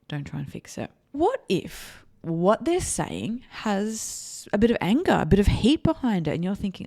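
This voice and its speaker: A woman's voice: mid-range voice, big pitch swings, moderate pace, creaky, mellow. A woman therapist hosting an advice podcast, speaking earnestly and repeating her key points for emphasis.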